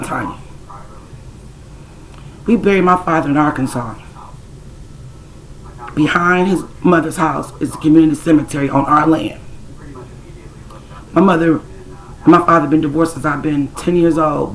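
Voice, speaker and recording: On a low-quality recording, a low-voiced woman who calls herself a spiritual intuitive shares a personal spiritual story with her viewers. She's casual, blunt and streetwise, swearing now and then as she speaks straight to the camera's audience.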